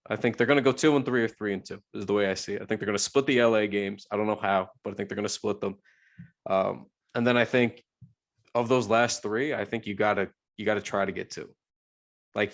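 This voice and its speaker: A man co-hosting a sports podcast, talking casually and rambling with many restarts. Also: lowish voice. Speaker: podcast co-host.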